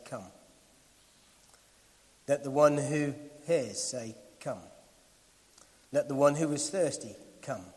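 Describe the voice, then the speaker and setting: Man, preacher, sermon, rhythmic repetition, slightly high voice, long church reverb. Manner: rhythmic, building emphatic repetition, drops to quiet asides. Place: church hall.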